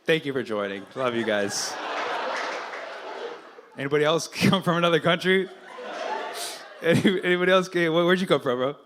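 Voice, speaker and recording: A male stand-up comedian doing crowd work on a comedy club stage, teasing and swearing in quick banter through a handheld mic. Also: on the high side, noisy background.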